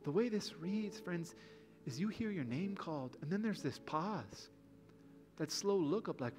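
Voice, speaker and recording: A man's voice: a little high, lively intonation, measured pace, long pauses, darkish tone, faint music behind. A man preaching a sermon as pastor in a church, earnest and building to emphatic passages. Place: church sanctuary.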